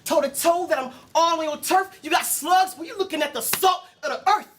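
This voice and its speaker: A man's voice: extremely high pitch, a little fast, fairly bright tone. A man performing Christian battle rap live before an audience, with a rhythmic, preachy, punchline-driven delivery. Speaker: battle rapper.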